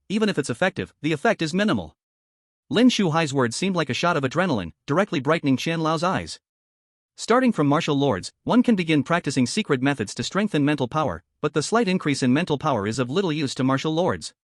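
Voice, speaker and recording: A man narrating an audiobook in a steady storytelling manner. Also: fairly high pitch, no room sound, clean studio sound.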